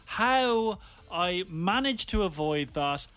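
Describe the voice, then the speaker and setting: A man's voice: high voice, lively intonation, slow, bright, forceful tone, soft background music. A man with an Irish accent co-hosting a radio show, playful and dramatic, acting mock-indignant in the banter. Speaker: radio co-host.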